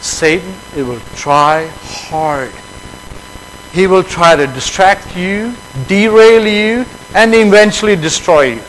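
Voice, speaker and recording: A man with a high voice delivers a conversational sermon. He drops quiet and low for reflection, then climbs high and lively as he acts out quick exchanges. A faint hum runs under the recording. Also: rough recording. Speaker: preacher.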